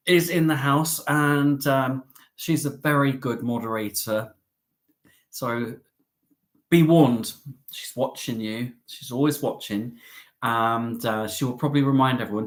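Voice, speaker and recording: A man's voice: mid-range voice, moderate pace. A man hosting a travel live stream, chatty and upbeat, with cheeky jokes and asides.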